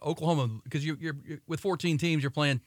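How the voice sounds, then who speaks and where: A man's voice: fairly high pitch, a little fast, no echo. A man co-hosting a casual sports talk show, leading the topics with blunt asides. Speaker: co-host. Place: radio studio.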